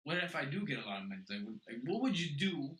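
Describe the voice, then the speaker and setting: A man's voice: on the high side, very animated, fast talker, a bit bright, slight background noise. A man co-hosting a casual podcast, rambling with lots of filler and swearing. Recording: roomy echo.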